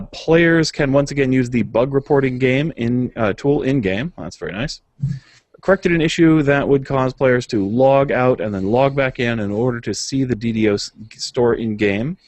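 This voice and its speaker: A man's voice: mid-range voice, a little mellow, dry recording. A man co-hosting a gaming podcast, reading patch notes aloud and chatting casually, with frequent filler uhs and small chuckles. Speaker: podcast co-host.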